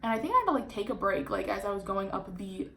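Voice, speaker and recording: Chatty woman in her 20s, storytime vlogger, gravelly voice, faint noise behind. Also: mid-range voice, fast. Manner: chatty, animated, many "like" fillers. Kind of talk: casual storytime vlog.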